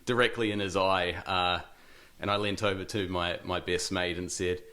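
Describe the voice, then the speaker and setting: NZ man, 30s, interview guest; low voice, relaxed and halting, lots of fillers. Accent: New Zealand. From New Zealand. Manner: hesitant, many ums and restarts, laughs easily. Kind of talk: casual interview.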